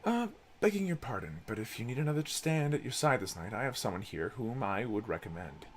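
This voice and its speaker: A man voicing a solemn male minstrel, speaking slowly and formally with small stumbles. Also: mid-range voice, very animated, soft background music, close to an everyday voice. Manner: slow, formal, hesitant. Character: solemn, soft-spoken male wandering minstrel.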